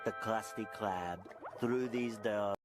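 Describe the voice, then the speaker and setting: A man's voice: on the low side, slow, over loud music. A man voicing a wonder-struck male nature-documentary narrator who has a thick foreign accent and lingers over each phrase. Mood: awed. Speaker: cartoon narrator.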